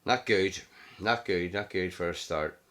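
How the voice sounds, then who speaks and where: A man giving live gameplay commentary, excitable, cursing at setbacks and cheering his wins. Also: low voice, measured pace. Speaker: gaming commentator.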